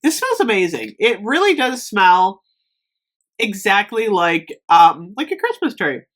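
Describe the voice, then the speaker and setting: A woman's voice: medium pitch, sing-song, measured pace, fairly bright tone. A woman chatting casually in a product review vlog, rambling with frequent ums as she talks to the camera. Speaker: candle review vlogger.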